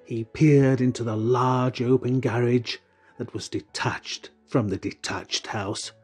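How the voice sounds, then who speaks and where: A man reading an audiobook in the first person, slow and wistful. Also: mid-range voice, steady tone, slightly rough, soft background music. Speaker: audiobook narrator. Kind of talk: first-person storybook narration.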